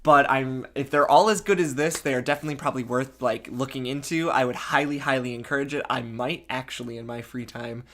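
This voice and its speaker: A podcast co-host in casual chat about fan fiction, gushing and excitable, restarting sentences often. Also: mid-range voice, brisk, hardly any pauses.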